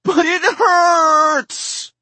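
A man voicing a hysterical little girl who wails and shrieks at a very high pitch. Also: fairly even intonation, drawn-out words, bright, forceful tone, dry recording, heavily acted, low-quality recording. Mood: wailing. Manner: shrill wailing.

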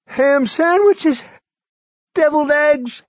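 A man voicing a feverish sick man with a hoarse, clotted voice, strained and urgent. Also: slow pace, no echo, highs cut off. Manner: high strained near-shouting.

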